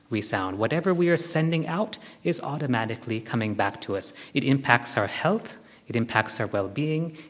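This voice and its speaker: A man giving a live spiritual talk to a group, gently instructive and repeating his key phrases. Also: mid-range voice. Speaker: spiritual teacher. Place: large hall with long reverb. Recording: long hall reverb from a live talk.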